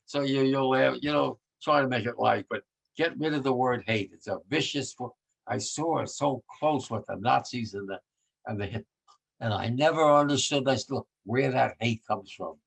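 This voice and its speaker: Heard on a rough recording, a husky, mid-range voice with vocal fry moves at a moderate pace. The speaker, a war veteran in his nineties being interviewed conversationally, rambles emphatically with frequent restarts and becomes emotional about the topic.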